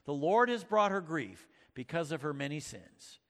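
A man's voice: on the high side, animated, normal speed, a bit bright, big-room sound. A male pastor preaching a sermon, reading scripture and retelling stories with dramatic emphasis, with occasional fillers. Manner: uses fillers like uh and um.

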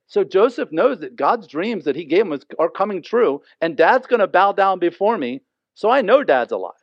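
A man's voice: high-pitched, no echo. A man teaching a Bible passage in an earnest, conversational way, often asking listeners to imagine the scene. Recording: dry, slightly dull lo-fi sound.

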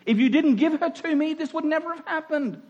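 A man's voice: very high-pitched, brisk, a little mellow, lo-fi sound, voice pushed up. A preacher voicing the first man as a whiny, passive-aggressive figure shifting blame. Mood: defensive.

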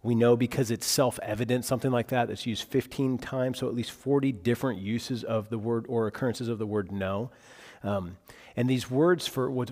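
The recording catches a big-room sound as a male pastor preaches expressively in a medium pitch. Retold dialogue comes faster, while key moments turn quiet for emphasis.

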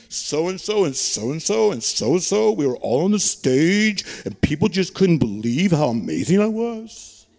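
A preacher putting on a deeper bragging man's voice. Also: a little mellow. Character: boastful young man dreaming of fame.

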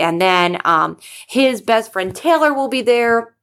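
A woman in her thirties hosting a podcast, talking on her own in a chatty, excitable way, full of fillers and casual swearing. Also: medium pitch, moderate pace. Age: 30s. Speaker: podcast host. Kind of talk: casual solo podcast chat.

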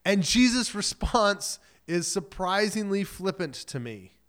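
A man's voice: high-pitched, big pitch swings, a little slow, fairly bright tone. A man pastor giving a sermon in a casual, joking storyteller manner. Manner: casual, joking storyteller who acts out quotes.

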